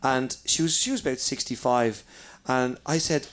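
A man's voice: mid-range voice, normal speed. A man, a comedian telling stories in a casual chat, swearing freely and acting out the people in his tales. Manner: swears freely, animated storyteller acting out voices. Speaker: comedian guest. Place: downstairs in a pub.

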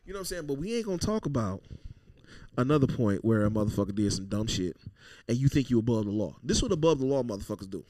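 A man co-hosting a podcast, telling stories loudly and profanely and acting out quotes in casual banter. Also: mid-range voice, very animated, fast talker, dry recording. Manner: loud, profane, storytelling with acted-out quotes. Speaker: podcast co-host.

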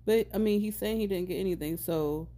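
A woman's voice: medium pitch, brisk, dark tone. A woman in her thirties co-hosting a podcast, chatting casually with playful laughing asides. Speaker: podcast co-host. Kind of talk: casual chat.

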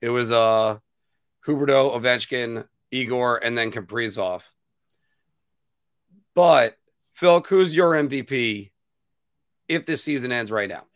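A man's voice: medium pitch, slow pace, pauses often, no echo, studio quality. A man co-hosting a casual hockey podcast, laughing at his own slips and mocking himself as he talks. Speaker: podcast co-host.

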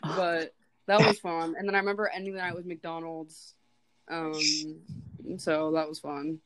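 A woman's voice: low voice, little pitch movement, unhurried, crowd noise, poor audio. Young woman rambling with lots of "like". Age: early 20s. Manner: rambling, fills her speech with "like". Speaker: podcast co-host. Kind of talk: casual chat.

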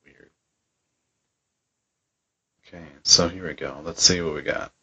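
A man's voice: deep voice, steady tone, a little slow, pushed and bright, husky. A man co-hosting a podcast, chatting casually and bluntly with a lot of swearing. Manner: profane, blunt. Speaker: podcast co-host.

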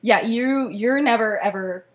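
A woman's voice: fairly high pitch, measured pace. A young woman hosting a podcast, casually retelling a story with lots of "like" and frequent laughter. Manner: chatty, laughing often, heavy use of "like". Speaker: podcast host.

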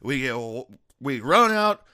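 A man voicing a rowdy Irish man at a bar in a put-on Irish brogue, loud and boisterous. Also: medium pitch, sing-song, slow pace, full character voice.

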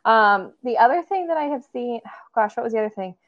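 A woman's voice: fairly high pitch, expressive, fast talker, muffled recording. A woman co-hosting a casual podcast as a therapist, chatty, laughing often and using lots of fillers.

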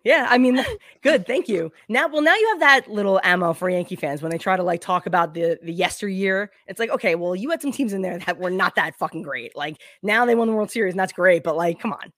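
A woman's voice: mid-range voice, animated, fairly quick, a bit bright, no room sound. A woman hosting a podcast, talking bluntly and opinionated with lots of swearing. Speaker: podcast host. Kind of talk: casual chat.

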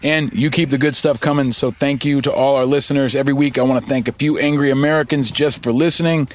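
Middle-aged male podcast host, upbeat and emphatic, mid-pitched voice, casual shout-out read. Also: fairly even intonation, quick pace. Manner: upbeat, emphatic, repeats for effect.

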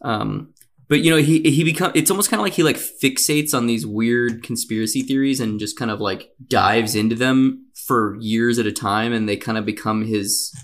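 A man hosting a podcast, telling a story from a script in a relaxed, casual way with many fillers. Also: mid-range voice, moderate pace. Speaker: podcast host.

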